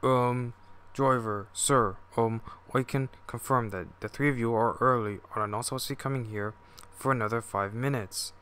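A man's voice: mid-range voice, fairly even intonation, normal speed, a bit bright, clean tone, natural voice. A man voicing a hesitant male railway signalman who fills his speech with ums. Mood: timid.

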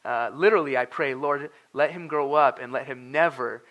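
A man's voice: mid-range voice, normal speed, a bit bright. Earnest man preaching a casual sermon. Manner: conversational, earnest, with frequent fillers and restarts. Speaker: pastor. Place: church sanctuary.

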